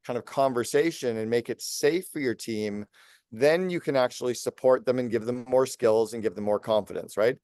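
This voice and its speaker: A man in his late fifties, a business coach speaking as a podcast guest, talking fast and energetically in long lists. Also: mid-range voice, a little mellow, no room sound, studio quality. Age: 50s. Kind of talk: podcast interview.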